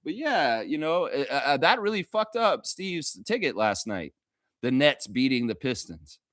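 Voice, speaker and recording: A man's voice: mid-range voice, big pitch swings, a little slow, a bit bright, no room sound, clean studio sound. A man hosting a casual sports live stream, rambling, laughing often and reading chat aloud. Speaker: livestream host. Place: Toronto.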